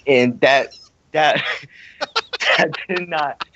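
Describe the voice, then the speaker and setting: A man's voice: on the high side, extremely slow, sharp tone, slight background noise. Young man, angry repetitive rant, dull lo-fi sound. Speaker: online wrestling league member. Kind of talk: heated casual rant. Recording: dull lo-fi audio.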